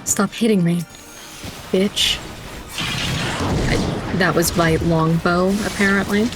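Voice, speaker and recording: A young woman with a low voice gives loose, joking commentary as she plays a game, swearing freely and teasing the characters on screen. Soft game music runs faintly underneath her. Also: steady tone. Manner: playful, sweary and quick to laugh. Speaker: gaming streamer. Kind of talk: casual gameplay commentary.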